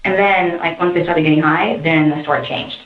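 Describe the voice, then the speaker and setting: A woman in a police interview, telling her story in a rambling, animated way. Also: deep voice, brisk. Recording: muffled roomy interview tape.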